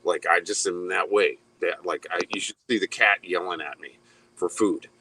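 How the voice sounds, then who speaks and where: A laid-back man with a very low voice, chatting as a guest on a live stream. He rambles easily and stumbles into restarts, taking his time to find the words. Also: normal speed, pushed and bright, a little hiss or hum, low-quality recording. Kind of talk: casual live-stream chat.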